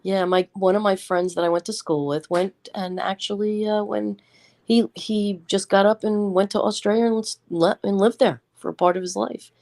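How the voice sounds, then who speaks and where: A woman's voice: mid-range voice, steady tone, moderate pace, a little mellow. A middle-aged woman from the United States, chatting casually and laughing easily. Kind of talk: casual chat.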